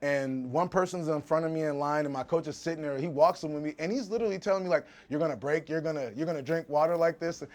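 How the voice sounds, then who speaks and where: In a relaxed interview, a man who fights professionally animatedly recounts a story, voicing the people he quotes and frequently starting over. His voice sits on the high side.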